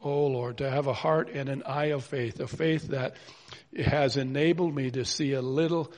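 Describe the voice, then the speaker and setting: A man's voice: medium pitch, steady tone, normal speed, a little mellow. A man preaching a sermon in an earnest, pleading way, full of rhetorical questions. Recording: long hall reverb.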